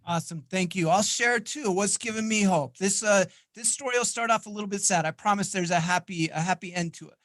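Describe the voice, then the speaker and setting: Middle-aged guy hosting a panel, high voice, upbeat, dry close sound. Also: brisk, few pauses, fairly bright tone, no echo. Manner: upbeat, encouraging. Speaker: panel host. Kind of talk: moderating a panel discussion.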